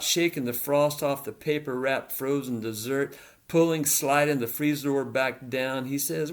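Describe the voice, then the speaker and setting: A man narrating a literary story in a rhythmic, repetitive, deliberate delivery. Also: medium pitch, fairly even intonation.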